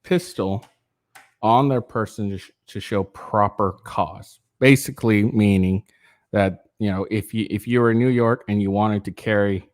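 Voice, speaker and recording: A man with a fairly low voice reads a news piece aloud and keeps breaking into crude, rambling asides. He sounds tired, stumbles and restarts often, and leans on fillers. The sound is close and dry. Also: steady tone, moderate pace, no echo. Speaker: political commentary channel host. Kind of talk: casual reading of a news article with rants.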